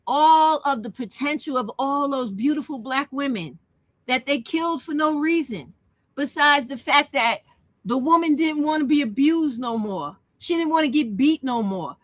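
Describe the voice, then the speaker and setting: A woman hosting her own channel delivers a blunt, profane, emotional monologue, an impassioned rant. Her voice sits high and is a bit bright, and the recording is dry.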